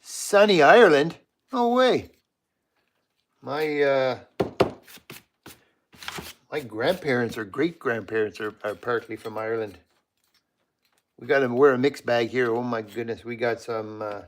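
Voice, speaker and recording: A Canadian man hosting a live stream from his home workshop, chatting casually and greeting viewers by name while he works. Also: mid-range voice. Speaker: livestream host.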